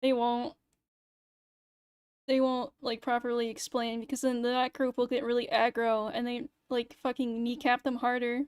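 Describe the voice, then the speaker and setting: A woman's voice: on the high side, flat delivery, normal speed, a little mellow, clear, resonant tone, no room sound. A young woman streamer in casual livestream chat, ranting sarcastically and swearing freely into a close mic. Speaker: VTuber streamer.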